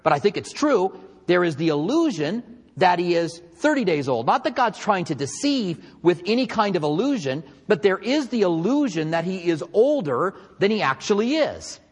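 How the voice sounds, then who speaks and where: Husky male Bible teacher in a reverberant hall. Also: high-pitched, normal speed. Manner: conversational, animated teaching with emphatic asides. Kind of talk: sermon.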